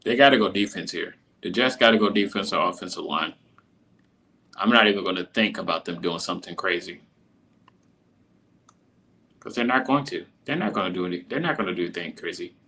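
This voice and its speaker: A man giving live reaction commentary, exasperated and repeating himself, his voice jumping high in disbelief. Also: brisk, pauses often, pushed and bright. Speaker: live draft reaction streamer.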